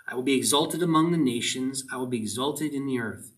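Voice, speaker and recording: A man preaches as pastor at a church service, his mid-range voice fairly quick with hardly any pauses. Earnest and insistent, he drives the point home through short commands repeated again and again, recorded slightly distant from the mic.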